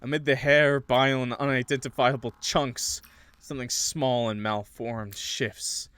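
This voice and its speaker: A male gaming streamer narrates a horror visual novel with dramatic, measured reading. He drops into casual, joking asides between passages, his voice sitting at an ordinary middle pitch. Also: steady tone, fairly bright tone, clear, resonant tone, dry recording.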